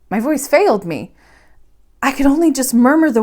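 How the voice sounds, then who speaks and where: A woman reading a bedtime story aloud, narrating in an expressive, measured way. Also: high-pitched. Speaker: library storyteller.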